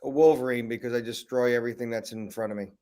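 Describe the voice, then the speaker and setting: An American man is a guest on a casual interview, heard over a video call. He jokes and pokes fun at himself, and his sentences ramble and restart. His voice sits at a middle pitch. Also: fairly even intonation, fast talker, warm tone. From United States. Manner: joking, self-deprecating, rambling. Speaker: guest musician.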